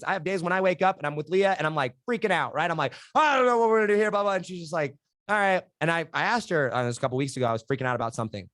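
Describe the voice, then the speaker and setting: A young man with a slightly high voice talks fast and animated as a podcast guest, peppering his stories with "like" and "right?". The sound is dry and close, with no room around it. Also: dry recording. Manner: energetic, animated storytelling with many "like" and "right?". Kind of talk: candid interview conversation.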